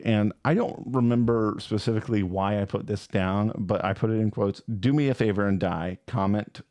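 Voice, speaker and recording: Low-voiced rambling man, dry mic. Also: a little mellow, no room sound. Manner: rambling, hesitant, full of fillers and restarts. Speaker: podcast co-host. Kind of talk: casual movie review chat.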